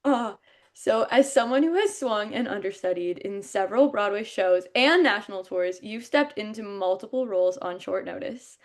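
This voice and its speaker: A woman's voice: mid-range voice, moderate pace. A woman hosting an interview show, talking in an upbeat, eager way and agreeing often with her guest. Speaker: podcast host. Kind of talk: casual interview chat.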